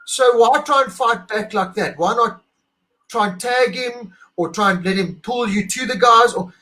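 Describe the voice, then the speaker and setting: A man's voice: extremely high pitch, moderate pace, bright, forceful tone, poor audio. A man co-hosting a casual motorsport debrief over a video call, emphatic and argumentative, repeating his points. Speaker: co-host.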